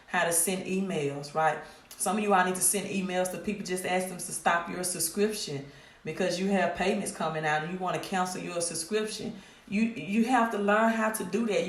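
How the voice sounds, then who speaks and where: Middle-aged woman with a Mississippi accent, host on a live stream, direct and scolding, repeats herself, roomy echo. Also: fairly low pitch. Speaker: credit repair business owner hosting a live stream. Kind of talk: casual live stream pitch. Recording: echoey room.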